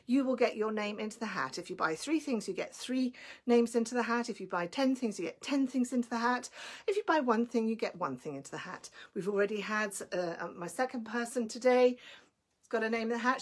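A woman's voice: on the high side, husky. A woman selling clothes on a live stream, chatty and enthusiastic, a little breathless. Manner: chatty and enthusiastic, greets viewers by name. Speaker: online clothing seller.

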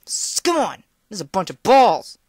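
A young woman gives casual commentary on a game, her pitch leaping all over as she coaxes and scolds the screen. She is recorded at home over a noisy mic with audible hiss. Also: unhurried. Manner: animated, talks to the game, playful outbursts. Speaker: gameplay commentator. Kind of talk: casual let's-play commentary. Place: home room.

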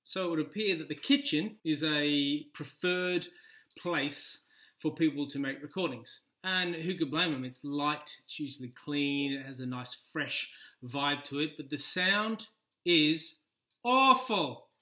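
Playful Australian man, slightly high voice, casual home tutorial on a laptop mic in a kitchen. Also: steady tone, measured pace, fairly bright tone. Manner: playful, chatty, demonstrative. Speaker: video tutorial presenter. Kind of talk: casual how-to demonstration. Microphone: laptop built-in mic.

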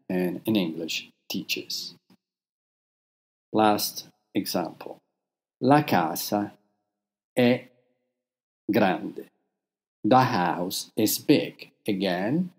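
A man explaining grammar in a recorded language lesson, patient, with pauses between phrases. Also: fairly low pitch, a little mellow. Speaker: language teacher.

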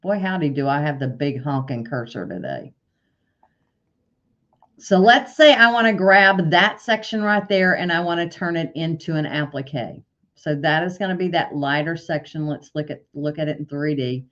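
A woman with a fairly low voice teaches embroidery software in a step-by-step screen-share tutorial. She corrects her own slips out loud as she clicks through menus. The recording sounds dull and lo-fi. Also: moderate pace. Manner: step-by-step, corrects herself aloud.

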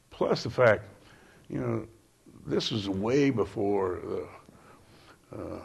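A man tells stories on a panel at a university event. His voice is very gravelly, husky and fairly low. He talks in a relaxed way and chuckles now and then. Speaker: panel speaker, former newspaper editor. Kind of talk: storytelling on a panel.

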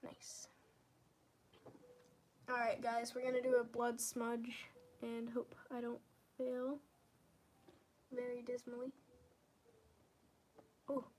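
A woman's voice: fairly high pitch, completely flat delivery, takes it slowly, long pauses, a little hiss or hum. Rambling young woman chatting while painting. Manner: rambling, self-deprecating, drifts into quiet murmurs and whispers. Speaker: livestreamer. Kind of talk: casual live-stream chat while painting.

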